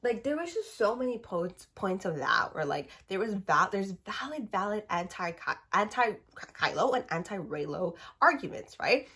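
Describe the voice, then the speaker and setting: Husky young woman ranting about books. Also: medium pitch. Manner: fast, animated ranting full of "like". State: recovering from a cold. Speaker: book vlogger. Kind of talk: casual ranting book review.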